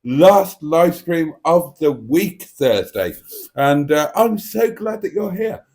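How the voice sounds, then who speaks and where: A man's voice: a little high, mellow. A man hosting a live stream, chatting casually and reading out viewer comments in a playful, cheeky, theatrical way.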